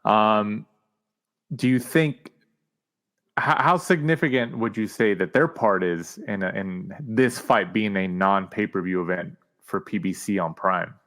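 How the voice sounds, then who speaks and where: A man's voice: fairly low pitch, a little slow, a bit bright. A man hosting a podcast, easygoing and asking his guest questions. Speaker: podcast host. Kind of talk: casual podcast chat.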